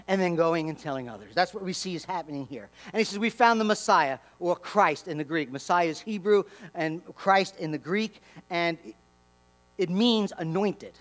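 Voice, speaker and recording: A man preaching a sermon as pastor, telling stories with lively acted-out dialogue and dropping to a hushed tone for emphasis. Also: sits high. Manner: animated storytelling, acts out dialogue.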